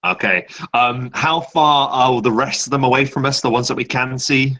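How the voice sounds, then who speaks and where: A man's voice: medium pitch, normal speed, bright, forceful tone, rough recording. A man playing a tabletop game, describing his actions and rolls in an easygoing way. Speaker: player. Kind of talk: casual tabletop play.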